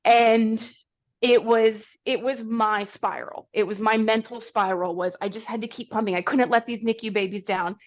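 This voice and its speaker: A woman's voice: fairly high pitch, normal speed, lo-fi sound. A woman in her thirties, a guest on a running podcast, telling her own story candidly and with animation, acting out the people she quotes. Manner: animated, self-deprecating, acts out quoted people.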